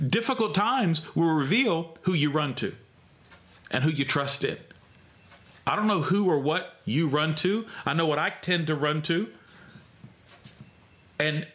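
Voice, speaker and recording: A man's voice: on the high side, sharp tone. A man preaching a sermon, conversational and emphatic, repeating key phrases with rising intensity. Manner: conversational with restarts and fillers.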